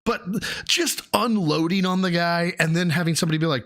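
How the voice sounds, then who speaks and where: A man's voice: fairly high pitch, lively intonation, moderate pace, a bit bright. A man hosting a stream, reacting to a video with profane, mocking commentary. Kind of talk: casual commentary.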